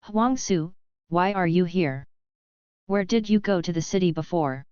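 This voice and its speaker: A woman's voice: fairly low pitch, measured pace, darkish tone, smooth, no echo, muffled recording, lightly acted. A woman reading a polite, grateful young woman. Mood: curious.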